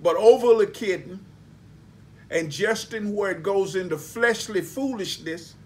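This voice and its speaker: A man's voice: sits high, unhurried. A man preaching a sermon, emphatic and folksy, spelling out words for emphasis. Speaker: pastor.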